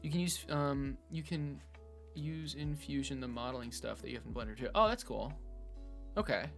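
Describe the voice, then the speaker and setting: A man thinking out loud in a casual screen-recorded build log, hesitant with many fillers and restarts, from his room at home. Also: mid-range voice, moderate pace, vocal fry, faint music behind. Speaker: hobbyist robot builder. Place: bedroom at home.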